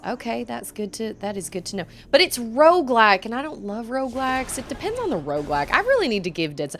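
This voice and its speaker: A woman's voice: a little high, sing-song, brisk, hardly any pauses. A woman streaming a video game, chatting casually with her chat and laughing often. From Texas. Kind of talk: casual chat while gaming.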